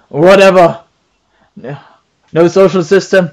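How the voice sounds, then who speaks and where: A man with a German accent and a fairly high voice chats casually on a stream. He talks in animated bursts, stumbling through fillers and repeated words as he hunts for English. His speech runs loose and unscripted. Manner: animated, halting with many fillers and restarts. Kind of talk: casual chat.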